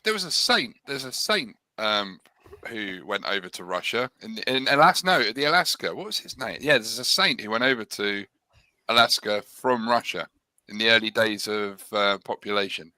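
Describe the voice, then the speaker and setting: A man chatting casually on a live stream, animated and acting out little scenes. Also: lowish voice, moderate pace, no echo.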